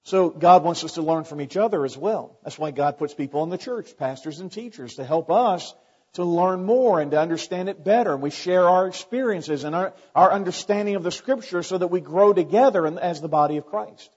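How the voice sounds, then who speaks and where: A middle-aged man preaches a sermon in an easygoing, folksy manner, speaking to his congregation like he's chatting with friends. His voice sits a touch high and has a slightly husky edge. The recording is muffled and carries a long church reverb. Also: fairly quick, a little mellow. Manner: conversational preaching with folksy asides. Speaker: pastor. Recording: dull sound with long reverb.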